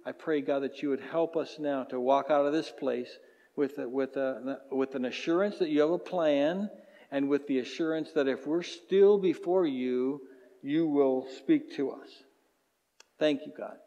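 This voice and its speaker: In a reverberant church hall, a man with a fairly high, mellow voice speaks a little slowly, and the recording sounds lo-fi. He preaches as a pastor in a conversational way, acting out everyday voices, then leads a closing prayer.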